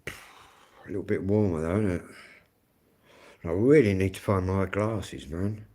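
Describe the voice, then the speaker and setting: A man with a Kent accent, speaking in a fairly low voice. He hosts his own music channel and chats on a live stream in a loose, rambling way. He swears freely and drifts from one point to the next. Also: fairly even intonation, measured pace, warm tone. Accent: Kent English. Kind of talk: casual live-stream chat.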